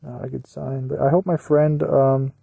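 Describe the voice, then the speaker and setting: A man's voice: mid-range voice, level tone, moderate pace, creaky, slightly rough, no room sound, narrow, tinny audio. A young man talking in a rambling solo monologue, meandering and crude, often trailing off into mumbles. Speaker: podcaster. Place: at work during a shift.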